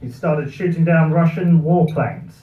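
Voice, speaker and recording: British guy doing a dry ironic comedy speech, fairly high voice, echoey room, sounds far off. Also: unhurried. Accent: British English. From Britain. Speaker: after-dinner speaker. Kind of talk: satirical comic speech. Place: party venue with live audience. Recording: roomy, distant, muffled live recording.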